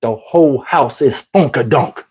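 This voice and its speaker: A man casually telling a story to his channel, in a slangy, profane, lively way. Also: medium pitch, unhurried, slightly rough. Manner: profane, slangy, lively retelling with acted-out quotes.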